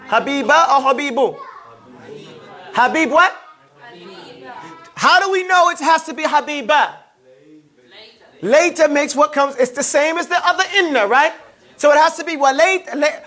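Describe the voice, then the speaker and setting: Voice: sits high, a bit bright. A teacher giving a classroom grammar lesson, drilling students with playful call-and-response questions. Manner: playful, teasing.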